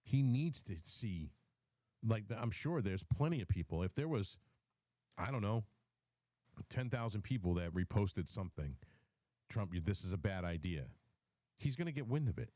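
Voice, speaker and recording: A man with a low, dark voice delivers a rambling political commentary rant to a live audio audience. He repeats himself, restarts sentences and fills gaps with ums while dealing with the hiccups. The sound is dry and close, with no room echo. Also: big pitch swings, normal speed. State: has the hiccups. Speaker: host of a live audio space.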